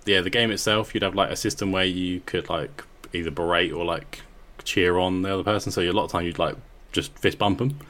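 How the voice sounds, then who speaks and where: A man's voice: low-pitched, steady tone, a little fast, a bit bright. A man co-hosting a podcast in loose, casual chat, swearing freely and padding with "like". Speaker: podcast co-host. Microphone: remote call mic.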